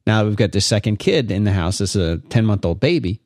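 A man's voice: lowish voice, expressive, fast, a little mellow, no room sound, clean studio sound. Man telling a rambling parenting story. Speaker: podcast guest, father. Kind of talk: casual chat.

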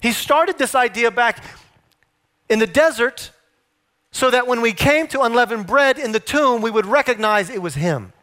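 A male preacher with a high, bright, forceful voice delivers an emphatic sermon. He keeps turning to his listeners with rhetorical questions, leaning hard on his key points. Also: expressive, moderate pace.

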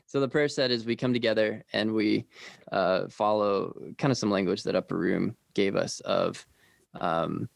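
A man from the leads a ministry team and tells its story in casual conversation. He talks quickly and earnestly, with many fillers. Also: lowish voice, fairly even intonation, vocal fry, dry recording, studio quality.

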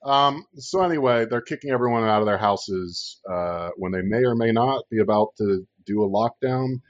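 A man's voice: lowish voice, normal speed, no room sound. A man hosting a casual political chat podcast, ranting sarcastically and swearing freely. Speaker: podcast host. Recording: dull lo-fi dry recording.

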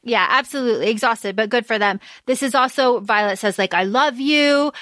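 A woman's voice: on the high side, brisk, fairly bright tone, no room sound, clean studio sound. A woman co-hosting a podcast, chatting casually about a book and reading out quotes between filler ums. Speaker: podcast co-host.

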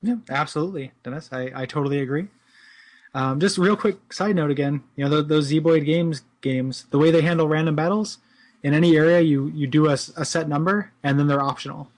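A man's voice: fairly high pitch, fairly quick. A man co-hosting a casual podcast, enthusiastic and stumbling over repeated words. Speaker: podcast co-host.

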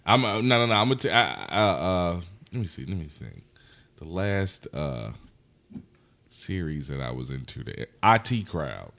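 A tipsy man spins loose, profane stories in a relaxed podcast chat. His voice sits low yet leaps wildly up and down. The tone is bright and forceful. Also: normal speed, vocal fry. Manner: loose, profane storytelling with animated outbursts. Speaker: comedian guest.

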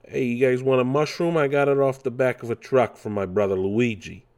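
A man's voice: medium pitch, steady tone, a little fast, a little mellow, voice pushed up, lightly acted. A man putting on a streetwise New York accent for a brash plumber hero. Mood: swaggering. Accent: New York, put on.

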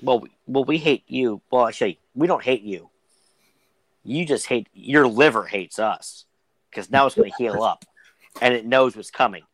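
A man's voice: mid-range voice, moderate pace, a bit bright, no room sound, low-quality recording. A man co-hosting a podcast, chatting casually with friends, rambling and joking with frequent restarts. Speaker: podcast co-host. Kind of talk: casual banter among friends.

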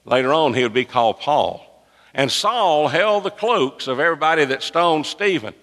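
Gravelly preacher man in a hall. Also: medium pitch, animated, normal speed. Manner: emphatic, swings from hushed to shouting. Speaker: pastor. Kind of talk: sermon.

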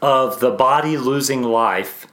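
A man of ordinary mid pitch hosts a podcast interview. He muses aloud, restarting and trailing phrases as he works toward his questions. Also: slow. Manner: warm, musing, many restarts and trailing phrases. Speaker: podcast host. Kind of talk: conversational interview.

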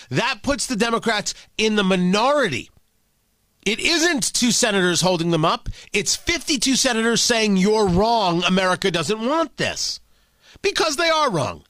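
A combative male talk host delivers a sarcastic political monologue. His voice sits high and swings widely in pitch. The tone is bright and the sound dry and close. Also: sing-song, moderate pace, no echo.

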